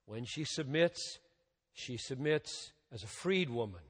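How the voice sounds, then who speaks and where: A man preaching a sermon as a pastor, with emphatic rises and drops in loudness and a slow, deliberate delivery. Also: medium pitch, animated. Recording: long reverb of a large hall.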